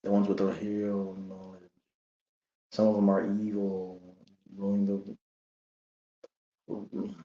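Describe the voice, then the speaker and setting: Man, low voice, dark and mellow tone, animated slangy commentary, echoey room, dull lo-fi recording. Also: slow, pauses often. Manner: animated, rough casual slang, repeats himself. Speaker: religious commentator. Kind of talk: casual monologue.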